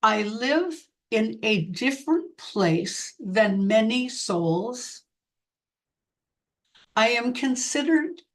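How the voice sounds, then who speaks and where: Very slow, halting woman medium. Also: on the high side. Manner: slow, halting, phrase by phrase, earnest. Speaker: spiritual medium. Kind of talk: channeled spiritual message.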